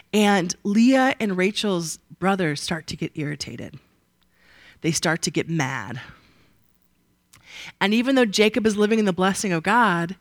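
A woman leads a Bible class in a relaxed, talky way. She keeps tossing questions out to the group. Her voice sits at a middling pitch and sounds close and dry. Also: dry recording. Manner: lively, asks the audience rhetorical questions. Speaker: Bible study teacher. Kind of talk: conversational Bible teaching. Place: room with a live group.

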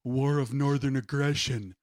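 A man's voice: medium pitch, steady tone, moderate pace, darkish tone. A man hosting a podcast in casual chat, joking and going off on tangents. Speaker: podcast host.

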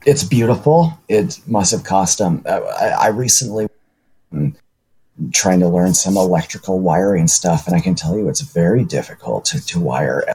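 A man co-hosting a casual podcast chat, making dry jokey asides in a halting way. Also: low-pitched, lively intonation, mellow, slightly rough. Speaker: podcast co-host.

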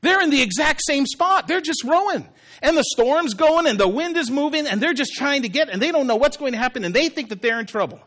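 A man's voice: very high voice, lively intonation, brisk, a bit bright. A male pastor preaching a sermon, telling the story with humor and acted-out voices.

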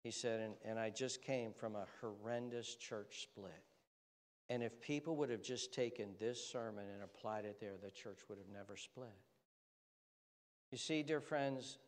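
Man preaching in a reverberant hall. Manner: earnest preaching, swells loud on key phrases then drops low and quiet. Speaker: pastor. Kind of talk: sermon. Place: church sanctuary.

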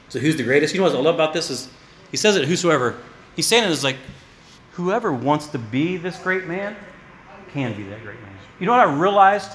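Male preacher, high-pitched and animated. Sermon with humorous asides, in an echoey hall. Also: a little fast. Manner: animated, joking asides, repeats words. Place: church hall.

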